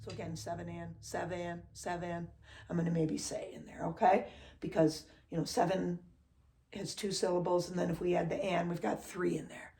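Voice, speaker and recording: A middle-aged woman gives a casual drum lesson, counting beats aloud and tacking "okay?" onto most phrases. Her lowish voice is gravelly and dark, delivered flatly at normal speed.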